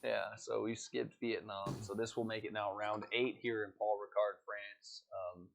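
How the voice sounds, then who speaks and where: American guy hyping up a sim race, bit of gravel in his voice. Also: lowish voice, a little slow, a little hiss or hum. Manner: excitable, hypes close results. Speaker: race commentator. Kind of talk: esports race commentary.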